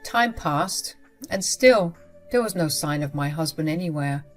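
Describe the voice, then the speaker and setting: A woman's voice: sits low, expressive, a little slow, faint music behind. A young woman narrating a first-person story with emphatic, dramatic retelling.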